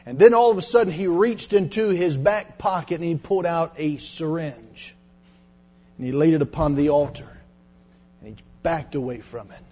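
A middle-aged male preacher giving a dramatic sermon to teenagers, dropping to hushed tones when he retells confessions. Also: fairly high pitch, normal speed, slightly rough. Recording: dull lo-fi sermon recording.

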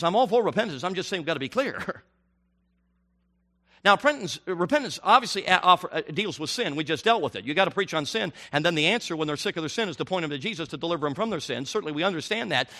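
A middle-aged man preaching a sermon, animated and rising to near shouts on his emphatic questions. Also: high-pitched.

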